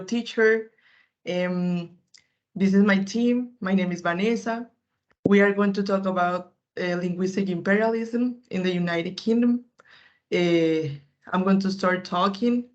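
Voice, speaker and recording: A woman's voice: medium pitch, muffled recording. A young woman student giving a class presentation, hesitant with many fillers and restarts. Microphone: computer mic on a video call.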